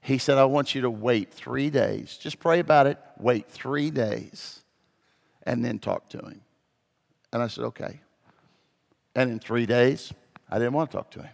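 A man preaching a sermon as pastor, telling a story and moving between hushed and loud, emphatic passages. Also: mid-range voice, a little slow, creaky, pauses often. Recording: long hall reverb.

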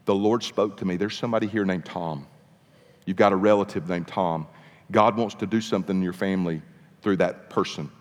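Low-voiced preacher in a reverberant hall. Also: male voice. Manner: animated storytelling with dramatic pauses. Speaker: pastor. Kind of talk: sermon storytelling. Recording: long reverb of a large hall.

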